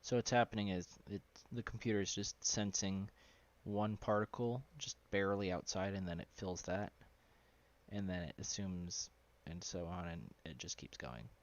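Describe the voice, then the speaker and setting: A man talking loosely through a live-streamed software tutorial, with lots of fillers and asides. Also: low voice, moderate pace. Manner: loose and rambling, with many fillers. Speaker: live streamer teaching 3D simulation. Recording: dull, lo-fi sound.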